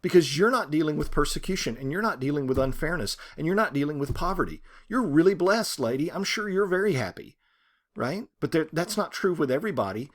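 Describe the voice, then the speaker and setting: A man teaching a short story, talking in an animated, rhetorical way and often checking in with "right?". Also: fairly high pitch, a little fast. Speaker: literature teacher.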